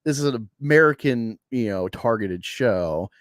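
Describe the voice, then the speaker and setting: A male host talks through a casual reaction chat at a middle pitch. He rambles, fills gaps with "like" and "uh", and laughs at his own jokes. The sound is dry. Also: expressive, moderate pace, no echo.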